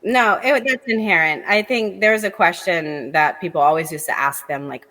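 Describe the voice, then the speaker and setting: A woman's voice: medium pitch, normal speed, few pauses, a bit bright, long reverb tail, rough recording. A young woman guest, a comedian, chatting animatedly in an interview with lots of fillers. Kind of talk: casual interview chat.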